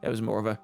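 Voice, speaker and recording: A man's voice: lowish voice, vocal fry. A man hosting a let's play, chatting casually and often correcting himself. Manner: chatty, self-correcting, laughs easily. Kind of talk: casual game commentary.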